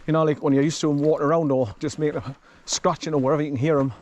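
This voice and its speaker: On a forest track with his dog, a man chats casually for a walking vlog, rambling and chuckling a lot into the camera he's carrying. He speaks at a racing pace in a slightly high, slightly mellow voice with fairly even intonation. There's slight background noise.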